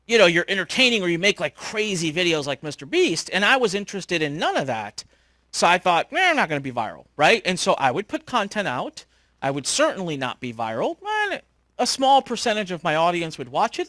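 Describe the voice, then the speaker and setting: A middle-aged man hosting a course, telling a story in an animated way and acting out the dialogue he quotes. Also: high-pitched, no echo, studio quality. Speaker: course host.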